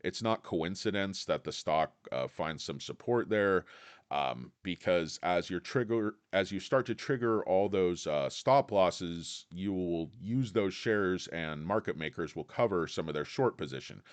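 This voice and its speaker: A man giving a blunt, insulting, animated rant as a stock market commentator, full of fillers and restarts. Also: sits low, measured pace, clear, resonant tone.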